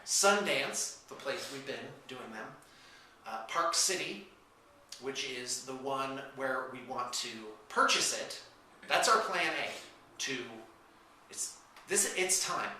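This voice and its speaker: A man's voice: mid-range voice, expressive, takes it slowly, bright, forceful tone, slight background noise. A man hosting a casual morning show, chatting with playful, theatrical outbursts. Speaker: host. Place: room with whiteboard, indoors. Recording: echoey room from far off.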